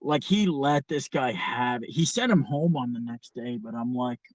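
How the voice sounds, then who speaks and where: A man's voice: mid-range voice, animated, normal speed, no room sound. Profane, exasperated storytelling man. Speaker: podcast host. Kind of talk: casual storytelling.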